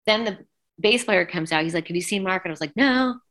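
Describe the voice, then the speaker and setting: Woman, middle-aged, low voice, bright edge, animated storyteller, quotes others in dialogue, interview guest. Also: fast talker. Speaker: guest singer.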